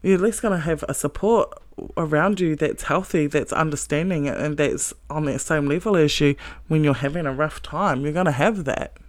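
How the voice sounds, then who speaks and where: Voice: medium pitch, moderate pace, no echo. Blunt, profane motivational speaker, dry sound. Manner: earnest, emphatic, with short laughs. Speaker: self-help speaker. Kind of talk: motivational monologue.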